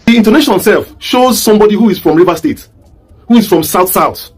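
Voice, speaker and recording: A political commentator from southeast Nigeria talks in a high voice with lively intonation and a fairly quick pace, his Nigerian accent clear. His online monologue is packed with rhetorical, repeated questions, and background noise can be heard.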